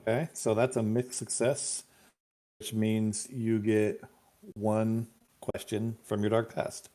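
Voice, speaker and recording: A man's voice: fairly low pitch, flat delivery, slow pace, warm tone. A man narrating as game master of a tabletop game, laughing often and thinking aloud with fillers.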